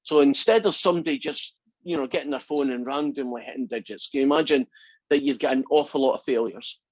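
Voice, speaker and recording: A man's voice: medium pitch, quick pace, no echo, highs cut off. Chatty man telling a classroom joke. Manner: chatty, tells jokes with asides. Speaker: math instructor.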